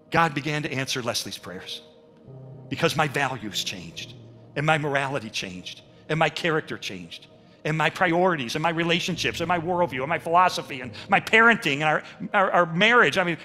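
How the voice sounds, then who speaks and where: An older man telling his faith story as a sermon at a church, with animated storytelling and acted-out quotes. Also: a little high. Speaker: speaker at a church. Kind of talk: testimony sermon.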